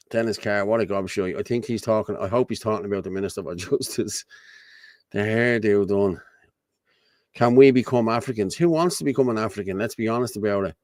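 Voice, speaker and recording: A man's voice: on the low side, darkish tone, no room sound, studio quality. An Irish man hosting his own show, talking in a blunt, repetitive, colloquial ranting commentary. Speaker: host.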